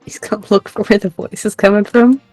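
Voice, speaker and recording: A woman's voice: mid-range voice, fairly even intonation, brisk, a little mellow, dry recording, faint music behind. A woman player in a tabletop game, casual and wry as she describes her character.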